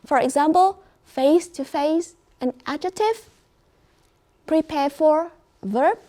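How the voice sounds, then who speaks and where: Slow high-pitched Vietnamese-accented woman teacher. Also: dark tone. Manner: slow, clear, encouraging classroom delivery. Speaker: English teacher. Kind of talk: classroom teaching demonstration. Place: classroom.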